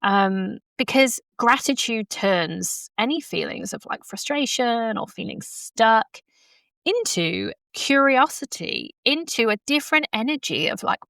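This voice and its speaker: A woman's voice: medium pitch, creaky, a bit bright, dry recording. A woman hosting her own coaching podcast from home, talking casually with many fillers and frequent laughs. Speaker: podcast host and horsemanship coach. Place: at home in front of a laptop. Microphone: laptop podcast mic.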